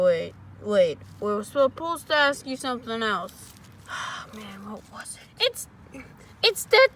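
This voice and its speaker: A man's voice: extremely high pitch, a bit bright. A man voicing a laid-back cartoon octopus in a homemade cartoon, drawling easily with many fillers. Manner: drawling, easygoing, lots of fillers.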